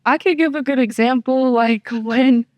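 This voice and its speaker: Teen girl, high voice, dry mic, bubbly and filler-heavy, jokey asides. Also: normal speed, no room sound, highs cut off. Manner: playful, filler-heavy, acts out talking to herself. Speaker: daughter, guest. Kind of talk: casual chat.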